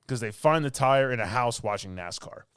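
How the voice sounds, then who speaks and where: A man with a smooth, resonant voice rambles through a movie plot for his podcast, full of fillers and asides. The sound is close and dry, with no room around it. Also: mid-range voice, animated, normal speed, a bit bright, dry recording. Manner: rambling, filler-heavy storytelling with laughs. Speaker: podcast co-host. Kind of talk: casual movie recap.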